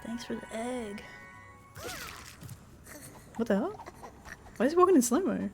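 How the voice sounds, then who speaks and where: Girl streamer chatting and laughing thru a game, kinda high voice, music playing. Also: very animated, a little slow, warm tone. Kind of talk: casual gameplay commentary.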